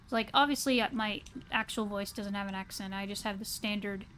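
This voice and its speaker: A woman's voice: medium pitch, brisk, a bit bright, a little hiss or hum. A woman from the American South with a standard American accent, chatting casually and hesitantly to her live-stream audience while playing a game. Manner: rambling, hesitant with many fillers.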